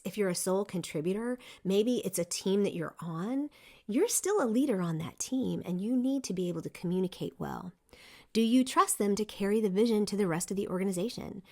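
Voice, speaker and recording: A middle-aged woman hosting a leadership podcast, giving an emphatic, lively motivational talk with frequent restarts. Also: mid-range voice, normal speed. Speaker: podcast host. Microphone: seen on video, single speaker.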